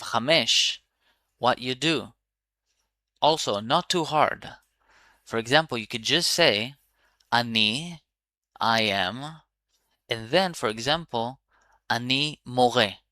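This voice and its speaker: Bright, upbeat male language teacher. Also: medium pitch, dry recording. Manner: upbeat and encouraging, repeats words slowly. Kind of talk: beginner language lesson.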